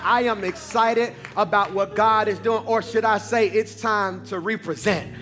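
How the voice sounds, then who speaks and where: A man preaching as a guest pastor at a large church, rousing and often shouting, repeating lines for emphasis in a call-and-response sermon. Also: high voice, fairly even intonation, a little slow, few pauses, over music. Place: large church, live service.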